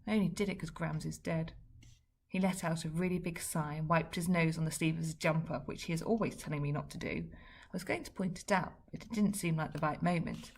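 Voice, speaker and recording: Woman with a gravelly, husky reading voice. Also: sits low, fairly quick. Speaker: story reader. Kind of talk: children's book reading.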